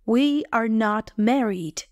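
A woman voicing a proud, anguished man, the master of the house, in a plain, slow, measured reading. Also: a little high, no room sound, clean studio sound. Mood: tense.

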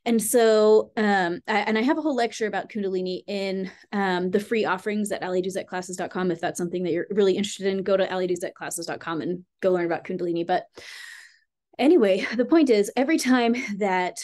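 A woman with a mid-range voice talks to camera about healing work in a relaxed, chatty vlog. Her delivery is heartfelt and a little rambling, full of "like" and "you know." She addresses the viewer directly and warmly. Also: medium pitch, a little fast. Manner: earnest, rambling, heavy use of "like" and "you know"; heartfelt, speaking straight to viewers. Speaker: spiritual healing teacher. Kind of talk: casual spiritual vlog talk.

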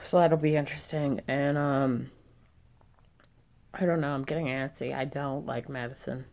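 A woman's voice: a bass voice, fairly even intonation, normal speed, creaky, a little mellow. A young woman vlogging casually, venting in an irritated way and swearing often. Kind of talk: casual vlog chat.

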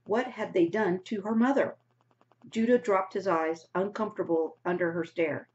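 A woman's voice: medium pitch, moderate pace, darkish tone. A woman teacher reading a novel aloud to her class, stopping now and then to explain words in a casual way. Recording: dull lo-fi recording.

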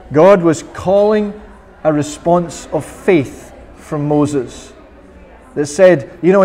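Earnest Scottish preacher in a reverberant church. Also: male voice, high voice, a little mellow. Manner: earnest, quoting prayers in an impassioned voice. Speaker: minister. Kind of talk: sermon.

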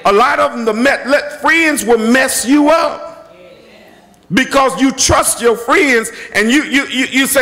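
A man preaching a sermon as bishop and pastor in a church, emphatic and repetitive, breaking into shouts. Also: very high-pitched, lively intonation, measured pace. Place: church sanctuary. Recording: long hall reverb from a church.

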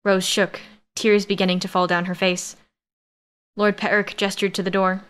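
This is a woman narrating a first-person sci-fi love story for an audiobook. Her delivery is steady and expressive, pitched in the ordinary middle range, flowing evenly at a normal speed with a clean tone.

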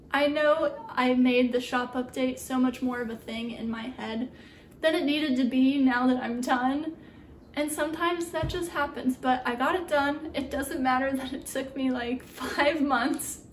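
This young woman has a high voice and makes printmaking art; she's vlogging from a small home studio, chatting loosely with plenty of "um" and "like." Slight background noise comes through, and the distant mic picks up an echoey room.

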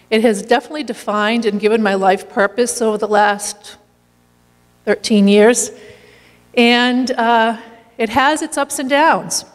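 A woman sharing a lively personal story in a church, laughing now and then as she talks. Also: mid-range voice, big-room sound. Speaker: community meal volunteer leader.

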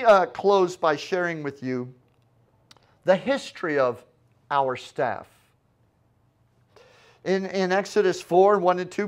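A pastor preaching a sermon with an animated delivery, acting out the quoted lines with dramatic voices. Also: male voice, fairly high pitch.

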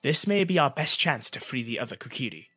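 A man voicing a grave, serious young woman warrior in an audiobook, speaking in a hushed, grim way. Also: medium pitch, big pitch swings, brisk, breathy edge, no echo, full character voice.

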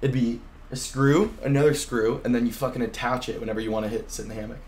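Young male co-host, upbeat and slangy, talks fast at a mid pitch, faint noise in the room. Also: fairly even intonation, a little mellow. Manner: enthusiastic, slangy, swears. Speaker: podcast co-host. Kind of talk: casual chat.

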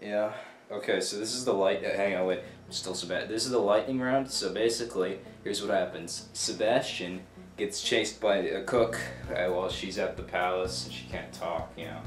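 A young man talking in a loose, rambling way, cracking jokes and cutting himself off. His voice sits somewhat low. The room echoes and guitar music plays behind him. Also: normal speed. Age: young adult. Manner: rambling, self-interrupting, jokey. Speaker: student video maker. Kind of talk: casual rambling narration.

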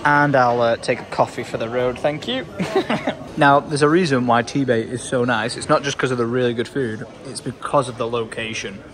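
A man's voice: mid-range voice, steady tone, normal speed, a crowd in the background. A young man from England, cheerfully vlogging a road trip with his dad in a jokey, casual way. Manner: upbeat, jokey, swears casually. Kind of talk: casual travel vlog. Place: camper van and service stations. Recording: outdoor traffic noise.

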